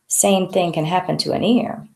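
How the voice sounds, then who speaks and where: A woman reads as a cheeky young man, teasing and playful. The voice is low and gravelly in an echoing room. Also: fairly even intonation, moderate pace, dark tone. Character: cheeky young male photographer boyfriend.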